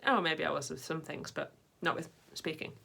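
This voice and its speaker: A woman's voice: sits low, fairly even intonation, normal speed, vocal fry, a bit bright, breathy edge. A woman vlogging in a casual, rambling way, full of fillers and side tangents. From Britain. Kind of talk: casual chat to camera.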